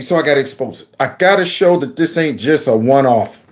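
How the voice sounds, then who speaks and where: A man's voice: mid-range voice, animated, fairly quick, heavy background noise. A man hosting his own channel, giving mocking political commentary on video clips with sudden squeals and laughs. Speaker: channel host.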